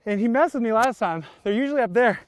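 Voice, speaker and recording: A man's voice: very high-pitched, animated, quick pace, dry recording. A man in his thirties hosting a casual outdoor bike vlog, joking and laughing often. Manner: laughing, playful, hype shouts. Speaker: vlog host, bike rider. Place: outdoors at a dirt jump.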